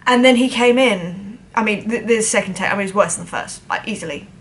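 A woman's voice: medium pitch, quick pace. A woman drummer telling a personal story to camera in a chatty, self-deprecating way, acting out the voices of other people.

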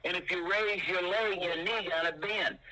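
An older man teaching martial arts in an animated way, punctuating his points with sound effects like boom and bam. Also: normal speed, poor audio.

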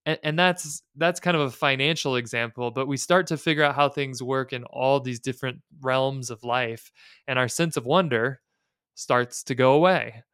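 Male podcast co-host, thirties, chatty and joking, crisp clear tone. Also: mid-range voice, fairly bright tone, no echo, clean studio sound. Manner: chatty, quick asides and jokes. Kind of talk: casual chat.

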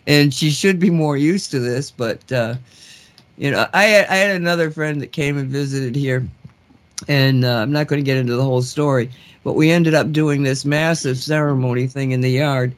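Woman host, casual storyteller, rambling, many restarts, laughs a lot. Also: deep voice. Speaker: talk show host.

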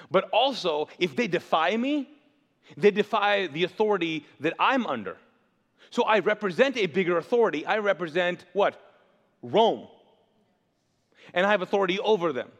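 A man with a high voice preaches to a congregation, telling the story in an animated, joking way and acting out lines as he goes. His voice rings with a long hall reverb that fills the space around him. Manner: animated, jokey storytelling with quick put-on voices. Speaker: pastor. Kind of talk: sermon.

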